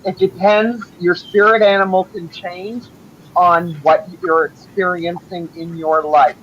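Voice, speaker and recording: A woman's voice: on the low side, fairly even intonation, unhurried, fairly bright tone, lo-fi sound, a little hiss or hum. A woman guest talking earnestly in a casual chat.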